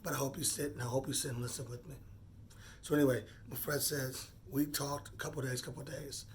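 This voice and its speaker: A man in his forties speaking off the cuff in a personal monologue, earnest and halting, often repeating words as he gathers his thoughts. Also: medium pitch, flat delivery, a little hiss or hum. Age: 40s. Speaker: vlogger.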